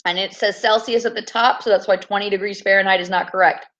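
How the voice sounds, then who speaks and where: A woman teacher running a classroom quiz review, upbeat and teasing, reading each answer choice slowly and clearly. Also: mid-range voice, fairly even intonation, a bit bright, dull audio.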